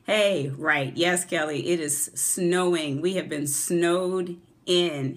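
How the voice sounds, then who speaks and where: A middle-aged woman giving a chatty live-stream motivational talk, greeting viewers by name in a warm, lively way. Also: lowish voice, slow pace. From New Jersey. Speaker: motivational speaker and author. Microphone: phone camera.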